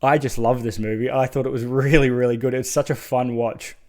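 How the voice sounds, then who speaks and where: A man's voice: mid-range voice, fairly even intonation, brisk, darkish tone. A man giving a casual, enthusiastic spoken review of horror short films, swearing freely and adding chatty asides.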